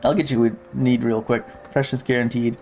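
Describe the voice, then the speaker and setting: A man chatting casually while he plays, reading menus and dialogue aloud in an easygoing, offhand way. His voice has a gravelly edge at a middle pitch. Faint game music sits behind him. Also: little pitch movement, brisk, a little mellow. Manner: laid-back, swears casually, reads game text aloud. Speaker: gamer. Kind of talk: casual gameplay commentary.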